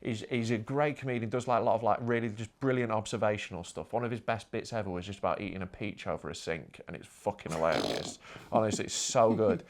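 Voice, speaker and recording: A man's voice: fairly low pitch, fast, a little hiss or hum. A man, a stand-up comedian telling a story on a casual podcast, swearing a lot and laughing through his punchlines.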